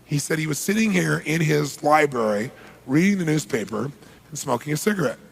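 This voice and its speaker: A motivational speaker tells stories energetically to a live audience, acting out the dialogue and throwing questions back at the crowd. His voice is gravelly and husky, slightly higher than most men's. It rings through a large seminar hall with a long reverb. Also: lively intonation, brisk.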